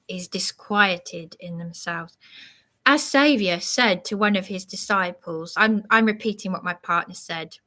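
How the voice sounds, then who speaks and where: Slow, preachy, aggrieved woman. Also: medium pitch, sharp tone. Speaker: livestreamer answering a commenter. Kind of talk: rambling live monologue.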